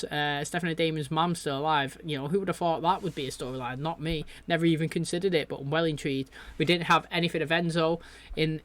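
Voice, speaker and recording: A chatty man talking through a TV episode, his thoughts spilling out in loose, excitable runs with plenty of "you know". His voice sits a little high for a man. The sound is close and dry, with no room around it. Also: no room sound. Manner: rambling and excitable, lots of fillers and "you know". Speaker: reaction video host. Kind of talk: casual chat reacting to a TV episode.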